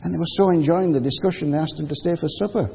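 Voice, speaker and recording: A man's voice: on the high side, very fast, gravelly, slight background noise. A man giving a sermon, telling the story in a conversational way and acting out the quotes. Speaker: preacher. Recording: phone-like audio with long hall reverb.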